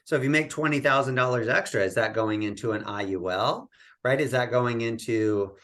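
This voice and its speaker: A man speaks as a guest on a podcast, explaining his points in an animated, coaching manner. He keeps checking in with the listener by asking "right?" as he goes. His voice sits at an average pitch. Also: normal speed. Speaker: real estate coach, guest. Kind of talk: conversational podcast interview.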